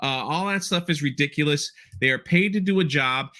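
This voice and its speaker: A man hosting a casual podcast chat, his voice pitched a bit high with a bright, forceful edge. He rambles through a story recap, trailing off with loose asides and dropping into quick playful impressions of the characters. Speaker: podcast host.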